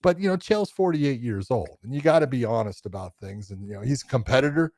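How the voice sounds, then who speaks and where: A man's voice: medium pitch, animated, fast, a little mellow, no echo, studio quality. Rambling man, full of "you know". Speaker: podcast co-host, grappling referee. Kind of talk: casual podcast chat.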